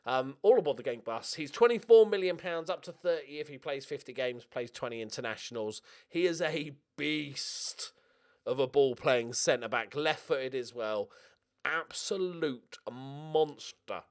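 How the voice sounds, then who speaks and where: A man's voice: medium pitch, animated, unhurried. A young man hosting a gaming channel, talking through his game in casual, jokey let's-play commentary and swearing now and then.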